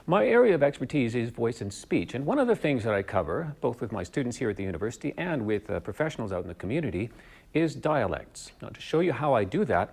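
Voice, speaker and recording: Gravelly Canadian voice teacher. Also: male voice, medium pitch, darkish tone. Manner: clear, measured teacher explaining and demonstrating speech sounds. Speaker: drama professor teaching voice and dialects. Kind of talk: instructional video lesson.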